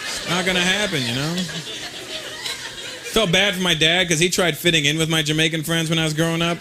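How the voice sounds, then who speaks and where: A male stand-up comedian on stage, telling animated, mocking stories and slipping into voices. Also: a little high, a little fast, a crowd in the background. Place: on stage before a live audience. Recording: live stand-up recording, loud background noise.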